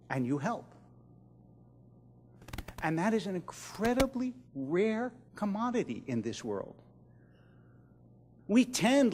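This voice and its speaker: A middle-aged man speaks to a large audience, with a fairly high voice that rises and falls in wide, lively swings. He tells stories with dramatic pauses and drops almost to a whisper on the most important lines. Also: in a large hall, a little hiss or hum. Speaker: rabbi giving a keynote speech. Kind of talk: storytelling speech to an audience. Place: large event hall.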